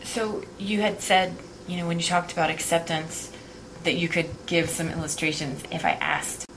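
A woman interviewer asking calm, attentive questions. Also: on the low side, normal speed, background noise. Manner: calm, attentive, brief prompts.

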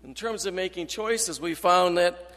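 A man giving an earnest, halting sermon-style talk as a Christian counselor, quoting scripture and restarting his sentences. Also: high-pitched, fairly bright tone. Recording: long hall reverb.

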